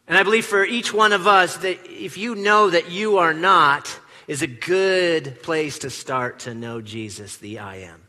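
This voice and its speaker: A pastor delivers an animated sermon, his voice bright and a touch higher than most men's. He acts out quoted lines, swinging from loud declarations to hushed tones. The sound carries a long reverb, as if recorded in a large sanctuary. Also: measured pace, few pauses. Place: church sanctuary.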